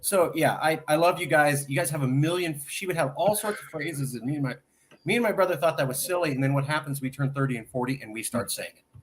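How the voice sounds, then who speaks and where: A man hosting a political talk show, chatty and animated, who quotes people at length as he sets up his questions. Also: on the high side, fast, a little hiss or hum. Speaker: host.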